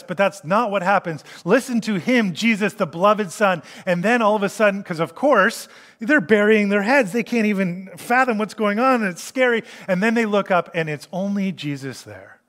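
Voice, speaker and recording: A man preaching a sermon in an animated way, acting out the voices he quotes. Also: high-pitched, normal speed, in a large hall.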